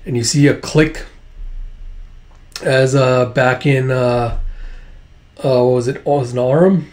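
A man's voice: medium pitch, fairly even intonation, slow, a little mellow. A man casually reading a comic aloud, rambling with many fillers and the odd swear. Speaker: comic book reader and reviewer. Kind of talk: casual read-along of a comic.

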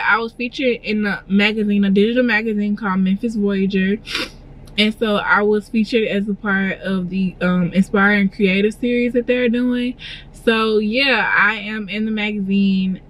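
A woman's voice: mid-range voice, a bit bright, low-quality recording. Young woman, casual vlogger, talkative and filler-heavy, recorded in a car. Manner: chatty, filler-heavy, emotional and gushing. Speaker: vlogger and clothing designer. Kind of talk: casual vlog chat. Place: inside a parked car.

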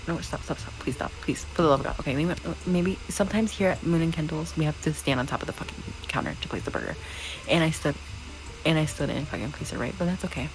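Low-voiced woman swearing through frantic gameplay. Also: fast, over music, rough recording. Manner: swears constantly, frantic and joking. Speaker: gaming YouTuber. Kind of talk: casual gameplay chat.

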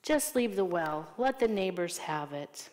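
A woman's voice: on the low side, expressive, a little slow, a little mellow, big-room sound. Isaac, a mild patient man, as a woman voices him. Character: Isaac, kind grown man avoiding fights.

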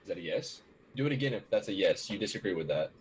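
A man's voice: deep voice, expressive, quick pace, husky, poor audio. A man in casual chat with friends while playing a game, playful and teasing. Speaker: gamer.

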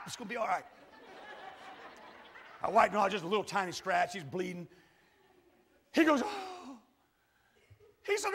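A high-voiced man preaching in a church with long reverb. His tone is bright and forceful. He tells a folksy story that moves from quiet asides to shouted passages. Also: wildly swooping pitch, moderate pace, pauses often, slightly rough. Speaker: pastor. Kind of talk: sermon storytelling. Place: large church hall. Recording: echoey church hall.

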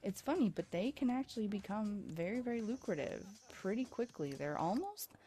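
A woman's voice: mid-range voice, big pitch swings, moderate pace, warm tone, a little hiss or hum. Tired, rambling woman narrating a game. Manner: chatty, rambling, self-deprecating. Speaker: let's play host. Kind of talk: casual gameplay commentary. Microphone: USB microphone.

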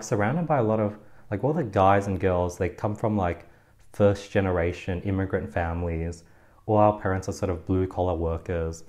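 A man's voice: low voice, a little mellow. A young man with an Australian accent hosting a casual interview, rambling with lots of fillers and restarts as he asks questions. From Australia (West Sydney). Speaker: podcast host.

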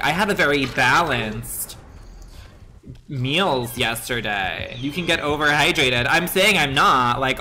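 Male streamer, lively swooping voice, bright tone, excitable, swears a lot, reacting loudly to gameplay. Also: medium pitch, slight background noise. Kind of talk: live gaming stream chat.

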